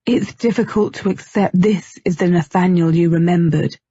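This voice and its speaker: A brooding young man back from the dead, read by a female narrator, terse and frustrated, with a slightly lower, husky delivery. The dry, muffled audiobook sound keeps it close. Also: steady tone, moderate pace, dark tone, no echo. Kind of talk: audiobook character reading.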